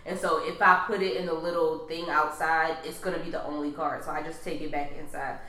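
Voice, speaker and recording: A young woman with a fairly low voice chats easily through a list of pet peeves, laughing often. The sound carries a noticeable room echo. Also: a little fast. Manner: relaxed, laughs often, reads list items. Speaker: podcast co-host. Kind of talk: casual chat. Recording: echoey room.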